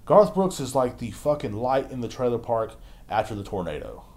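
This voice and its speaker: This young adult podcast host rants angrily on his own, cursing constantly and imitating others in squeaky, silly voices to mock them. His delivery is very animated at a moderate pace, the tone a little mellow.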